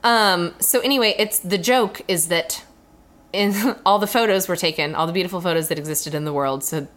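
A young woman co-hosting a podcast, telling a travel story in casual chat, animated and often laughing. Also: lowish voice, normal speed. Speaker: podcast co-host.

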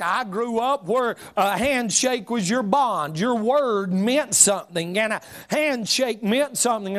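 A middle-aged pastor preaches with a high, ringing voice. He shouts some points and then drops to a near hush for emphasis, in a fiery revival style.

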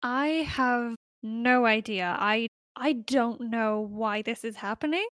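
A woman's voice: fairly high pitch, slow pace, a bit bright, clean tone, no room sound, studio quality. A woman playing in a tabletop game, dramatic and exasperated in her reactions. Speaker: player. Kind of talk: tabletop role-play.

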